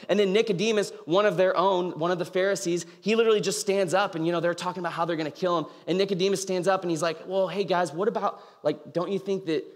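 A young man giving an informal sermon, telling the story casually with many fillers and acting out the people he quotes. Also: high-pitched. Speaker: campus ministry speaker. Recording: reverberant hall.

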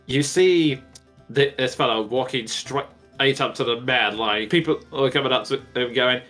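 A man narrating as game master, halting and often restarting his words. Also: medium pitch, a bit bright, faint music behind.

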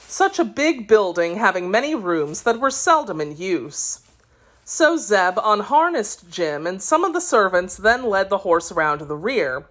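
A woman narrates a classic children's book for an audiobook. Her reading is measured and expressive, with a lively, moving pitch that follows the story. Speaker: audiobook reader.

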